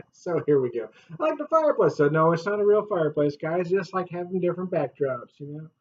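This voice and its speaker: A man hosting a casual beer review vlog, chatty and jokey, laughing often and swinging up loud and high. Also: animated, fairly quick, highs cut off.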